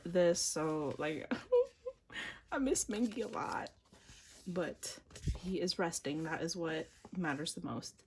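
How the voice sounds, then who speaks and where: Excitable woman with a lively, low-set voice. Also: slight background noise. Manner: excitable, gasps and squeals often; drops to quiet mumbles between outbursts. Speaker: vlogger unboxing albums. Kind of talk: casual chat to camera.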